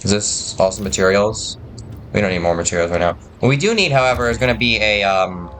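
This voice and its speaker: A man's voice: on the low side, expressive, fairly quick, fairly bright tone, slight background noise. Chatty man thinking aloud over a game. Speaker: gamer. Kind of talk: casual gameplay commentary.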